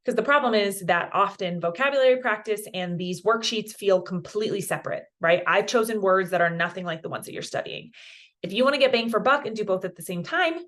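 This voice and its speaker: Encouraging woman Spanish teacher from Colorado, casual lesson talk, ordinary middle pitch. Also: a bit bright. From Colorado, USA. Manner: chatty, encouraging, mixes in Spanish words. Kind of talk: online language lesson.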